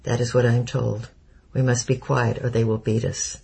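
A frightened man in a queue, voiced by a man keeps his voice low and fearful. The tone is gravelly and husky. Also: level tone, normal speed, dark tone. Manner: lowered, fearful voice. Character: frightened man waiting in line.

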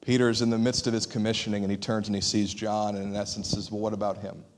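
A man preaching a sermon as pastor, in an animated, conversational way. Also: lowish voice, fast. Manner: animated, conversational, acts out quoted voices.

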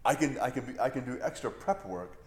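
A male pastor teaching a Bible study in a relaxed, conversational way, wandering into self-deprecating asides. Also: mid-range voice, fast talker. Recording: echoey room.

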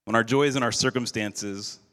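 A male pastor giving a sermon in an earnest, measured way, slowing down for emphasis. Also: mid-range voice, steady tone, sharp tone. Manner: earnest, measured preaching with slowed emphatic phrases. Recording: long hall reverb.

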